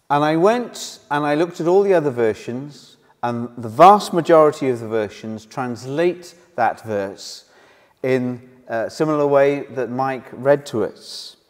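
A man preaching a sermon in an earnest way, leaning hard on key words. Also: medium pitch. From Wales. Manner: slow, earnest, rising and falling emphasis. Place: church hall. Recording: reverberant church hall.

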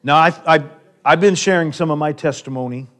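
A man's voice: fairly high pitch, fairly quick, fairly bright tone. Joking pastor man preaching a sermon. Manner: storytelling, jokey asides. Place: church sanctuary.

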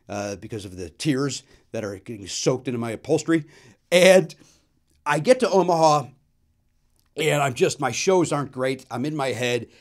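A man in his fifties, a comedian and show host, telling a comic story with sudden loud outbursts and quick asides. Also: fairly high pitch.

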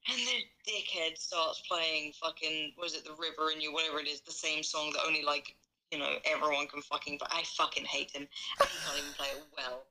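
Lady swearing thru a long story on speakerphone, low-ish, really bright voice, a bit of hiss. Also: steady tone, brisk. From Britain. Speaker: caller. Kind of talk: telling a story over speakerphone.

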